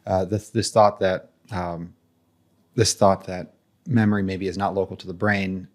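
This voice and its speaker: Deep, flat-voiced host who hesitates. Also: male voice. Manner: halting, searching for words, many restarts. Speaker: podcast host. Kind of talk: conversational interview.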